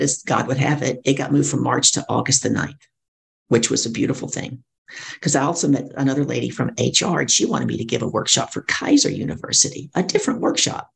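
In an interview, a middle-aged woman who works as a professional speaker and coach tells her own story, acting out other people's lines in lively voices. Her voice is very deep and creaky.

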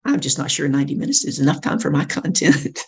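Gravelly middle-aged woman telling a story. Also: low-pitched, quick pace. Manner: acts out others' lines in lively voices. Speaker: professional speaker and coach. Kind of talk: animated storytelling in an interview.

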